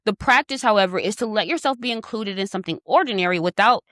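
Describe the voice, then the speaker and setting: A woman's voice: medium pitch, fast talker, a bit bright, dry recording. A young woman, hosting a casual astrology talk in a chatty, teasing manner with affectionate asides. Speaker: astrology host.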